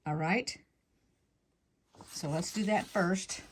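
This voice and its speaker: A woman runs a casual quilting tutorial from her home sewing table, explaining fabric cutting step by step in a homey, chatty way and catching her own mistakes. She talks slowly in a fairly low voice, a little breathless, with some hiss or hum in the recording.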